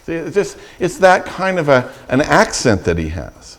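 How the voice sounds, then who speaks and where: A man's voice: on the high side, big pitch swings, moderate pace. A middle-aged man preaching a sermon as pastor, retelling scripture with vivid, acted-out quotes and frequent restarts.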